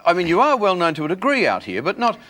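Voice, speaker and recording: A male talk-show host who asks his guest halting, hesitant questions. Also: high voice, huge pitch swings, a bit bright. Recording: live TV studio with audience.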